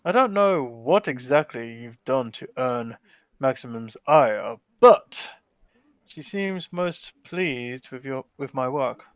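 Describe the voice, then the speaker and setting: A man's voice: medium pitch, expressive, slow pace, a bit bright, dry recording. A man voicing a smug male French baron with haughty mock-French courtesy in a tabletop role-play.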